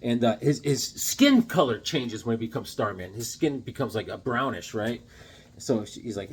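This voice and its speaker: Chatty husky man rambling through a recap. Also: medium pitch, expressive, moderate pace. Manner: rambling, chatty, keeps checking in with listeners. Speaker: comic book collector recapping a series. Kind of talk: casual spoken recap.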